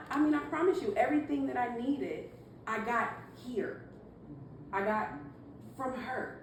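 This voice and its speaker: Woman, earnest and halting family tribute, distant mic, noisy hall. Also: fairly high pitch. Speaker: granddaughter giving a tribute. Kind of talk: heartfelt family speech. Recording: echoey room, mic far off, noisy.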